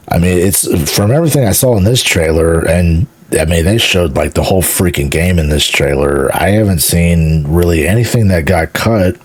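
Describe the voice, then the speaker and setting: A gaming streamer from Houston, Texas, reacts casually and enthusiastically to a game trailer, rambling, repeating words, and swearing casually. He has a husky bass voice, recorded with no echo.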